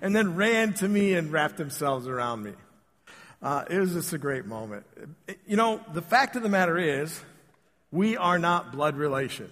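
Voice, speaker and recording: A male pastor giving a relaxed, joking sermon full of personal stories, talking straight to the congregation. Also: fairly high pitch, normal speed. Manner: casual, joking, addresses the congregation directly. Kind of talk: conversational sermon with storytelling. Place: church sanctuary. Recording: long church reverb.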